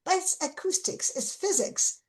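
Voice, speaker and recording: A woman's voice: very high voice, animated, normal speed, darkish tone, rough recording. A Russian-accented woman, an English teacher, explaining things earnestly and stressing her key words in casual conversation.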